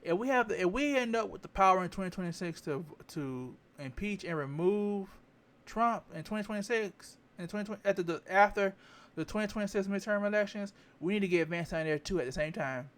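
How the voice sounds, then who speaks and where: Man, fairly high voice, casual rambling political vlog take that circles back on itself. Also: expressive, fairly quick, a bit bright. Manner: rambling, repeats phrases, stops to check facts. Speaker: vlogger. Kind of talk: candid political commentary.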